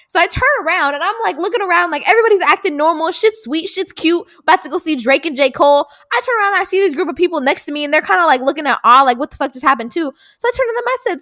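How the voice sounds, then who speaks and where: A woman of about eighteen from Seattle, co-hosting a podcast and telling a story in casual, profane, animated chat. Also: sits high, fast talker, dry recording, studio quality. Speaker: podcast co-host, daughter.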